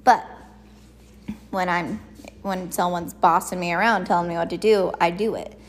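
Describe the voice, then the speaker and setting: A woman's voice: on the low side, normal speed. A middle-aged woman chatting in a rambling, casual monologue as a podcast host. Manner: chatty, rambling, animated quoted voices.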